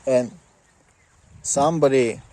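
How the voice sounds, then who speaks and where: A man's voice: mid-range voice, slow pace, mellow. A man ranting casually to the camera in a rambling, sarcastic, mocking way.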